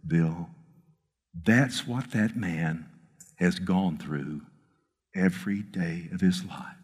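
A man preaching gives a voice to God speaking to his heart. He speaks low, slow and hushed, almost in a whisper. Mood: solemn. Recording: long reverb of a large hall.

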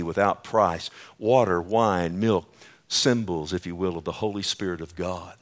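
A middle-aged man preaching a sermon with an altar call, swinging between booming quoted scripture and hushed, whispered pleading. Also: normal speed. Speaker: pastor. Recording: faint music underneath.

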